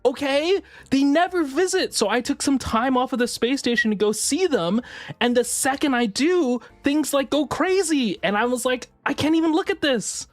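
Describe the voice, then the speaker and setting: A woman chatting casually with viewers on a livestream, swinging between squealing excitement and low mumbles, swearing now and then. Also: normal speed, dry recording.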